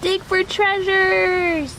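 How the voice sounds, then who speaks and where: A woman voicing Bluey, an excitable little puppy girl, squealing and bouncy in toy pretend play. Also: very high-pitched, drawn-out words, voice pushed up, full character voice. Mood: excited.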